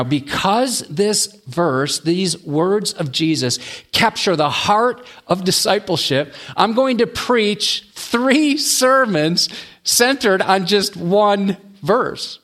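Man preaching, slightly high voice. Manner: expressive preaching, drops low and quiet on key words. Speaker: pastor. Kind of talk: sermon.

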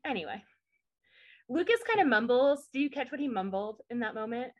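Brief: woman co-host, casual opinionated chatter, higher voice with a very animated lilt. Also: fairly quick, dull audio. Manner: chatty, opinionated, trails off in asides. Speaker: podcast co-host. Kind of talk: casual recap chat.

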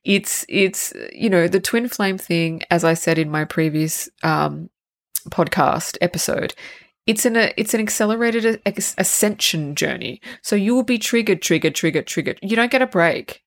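A woman's voice: on the low side, expressive, normal speed. A woman hosting her own solo spiritual podcast, talking candidly and rambling, with casual swearing and frequent restarts. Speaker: podcast host.

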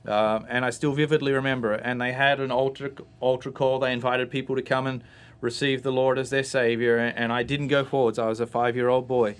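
A man's voice: mid-range voice, little pitch movement, fairly quick, clear, resonant tone. A man from Australia, a guest giving a storytelling personal testimony on a church talk show. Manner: storytelling, acts out voices in his anecdotes.

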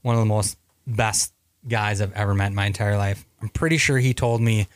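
A man's voice: lowish voice, fairly even intonation, fairly quick, no echo, clean studio sound. A man from Minnesota, a Navy veteran guest, telling stories casually with many fillers and restarts. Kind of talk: casual storytelling interview.

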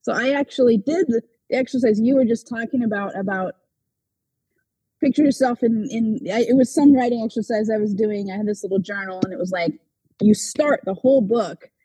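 Woman on a group call, really husky warm voice, stops and restarts a lot. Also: a little high, no room sound, poor audio. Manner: halting, many restarts and soft laughs. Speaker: call participant. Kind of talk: casual personal sharing. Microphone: video call.

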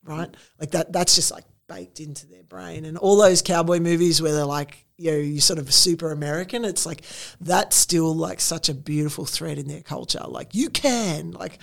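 A woman's voice: deep voice, normal speed, gravelly, hardly any pauses. An Australian woman guest talking casually in an interview, chatty with lots of fillers and laughter.

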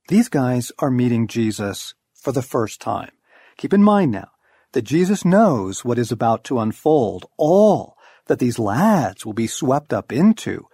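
A man's voice: medium pitch, warm tone, breathy edge, no echo, studio quality. A middle-aged man reading a devotional book aloud, with wry, storytelling emphasis. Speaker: audiobook narrator. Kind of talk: scripted devotional narration.

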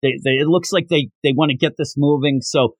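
A man's voice: a little high, steady tone, a little fast, husky, no echo. A man voicing a bluffing adult male fake psychic in a casual, offhand way. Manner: casual offhand retelling with fillers.

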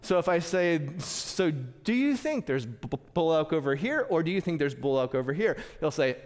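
A man's voice: a little high, big pitch swings, normal speed. A man preaching a sermon, telling a funny personal story with a self-deprecating manner and stammering restarts. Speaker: pastor. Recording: long hall reverb.

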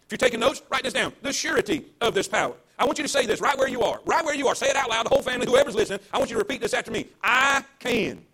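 A man's voice: very high voice, animated, very fast, hardly any pauses, fairly bright tone, husky. A man, a pastor preaching a livestreamed sermon to an empty church, emphatic and repetitive, with call-and-response.

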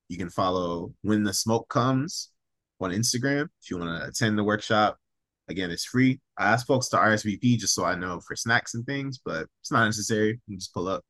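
A man's voice: lowish voice, a bit bright, dry recording. Man performing rhythmic spoken word poetry. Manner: rhythmic, building chant with rising intensity. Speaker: poet, guest. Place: radio studio or remote line.

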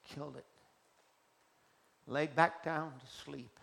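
A man preacher delivering an emphatic, deliberate sermon in a church. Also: a little high, fairly even intonation, gravelly. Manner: emphatic, slow and deliberate, swinging between soft and loud.

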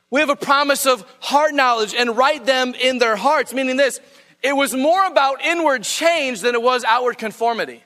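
High, bright-voiced preacher man. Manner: emphatic, urging listeners to underline scripture. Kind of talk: sermon. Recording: long hall reverb.

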